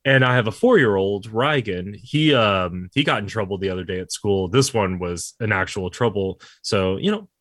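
A man in his thirties chatting casually, telling lively stories about his kids and swearing freely. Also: fairly low pitch, moderate pace, few pauses, no echo, clean studio sound. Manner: animated storytelling, swears freely. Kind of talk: casual chat.

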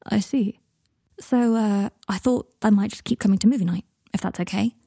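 A woman's voice: medium pitch, dark tone, husky, dry recording, clean studio sound. A woman voicing an awkward, flustered young wizard man who speaks hesitantly. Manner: hesitant, halting.

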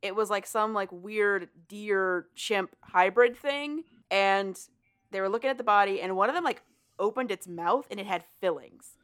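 A woman's voice: medium pitch, fairly bright tone. A woman chatting casually with a friend, retelling a story and briefly quoting the characters in it. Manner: casual, profane, acts out characters in quick quotes.

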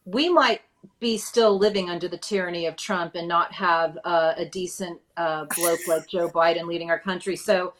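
A woman's voice: on the low side, steady tone, moderate pace, fairly bright tone. A woman hosting a casual political podcast, chatty and emphatic, steering the conversation between segments. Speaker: podcast host.

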